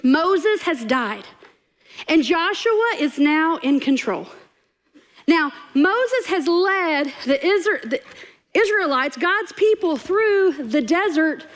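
High-voiced woman preaching. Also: takes it slowly. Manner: animated, laughing storyteller who acts out quotes. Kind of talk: storytelling sermon. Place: church stage before a congregation.

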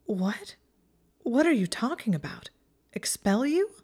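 A woman's voice: on the high side, expressive, slow, gravelly, darkish tone, pitched above the performer's own voice, heavily acted. A woman voicing an anxious young witch, urgent and pleading, her voice climbing. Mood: bewildered. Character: anxious clever young witch, easily distraught.

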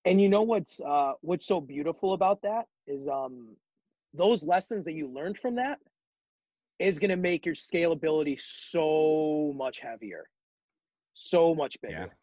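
A man's voice: a little high, lively intonation, unhurried, dark tone, no room sound, dull audio. A man as a podcast guest in casual chat, talking reflectively and encouragingly with many ums.

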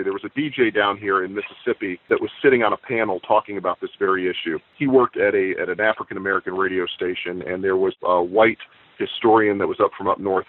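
A man guesting on an interview, a comic book writer telling stories in a relaxed, reflective way. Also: sits low. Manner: storytelling, leisurely and reflective. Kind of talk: casual interview chat. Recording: tinny phone-line audio, dry.

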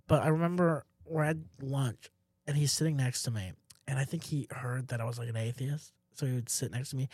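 A man's voice: mid-range voice, fairly quick, slightly rough, no echo, studio quality. A young man co-hosting a podcast, telling crude, joking stories in casual chat. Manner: crude, joking, animated storyteller. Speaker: podcast co-host.

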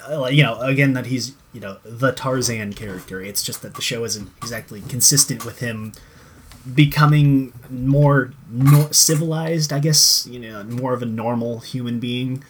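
A man's voice: medium pitch, moderate pace, a little hiss or hum. A man chatting casually about a TV show, rambling with many fillers and restarts and swearing now and then. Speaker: co-host discussing a TV show. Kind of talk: casual chat.

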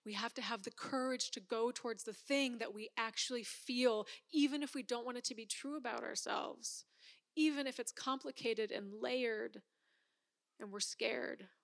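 Woman, 30s, personal storyteller: high pitch, animated, plays out her own inner voice. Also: moderate pace, gravelly. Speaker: speaker telling a personal story.

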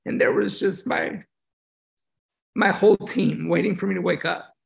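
A middle-aged man from the United States talks through his experiences in a relaxed interview. His voice is gravelly and sits slightly high, and he speaks reflectively and emotionally, with frequent fillers and restarts. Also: normal speed. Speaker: podcast guest, veteran and yoga teacher. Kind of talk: casual interview storytelling.

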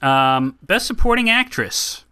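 Bright-voiced man hosting a film podcast. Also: mid-range voice, sing-song, smooth. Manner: blunt, swears, quick to laugh. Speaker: podcast host. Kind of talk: casual film podcast chat.

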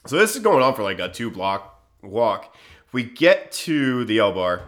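A relaxed man co-hosts a chatty podcast, telling a rambling bar story. His voice sits at an ordinary middle pitch, and he laughs easily and slips into quick impressions of the people in his tale. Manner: laid-back, laughs often, acts out quotes. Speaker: podcast co-host. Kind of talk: casual storytelling chat.

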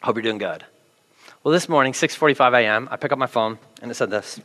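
A man who is a pastor, preaching a sermon with animated, self-deprecating storytelling. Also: medium pitch, fast talker, in a large hall. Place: large church auditorium.

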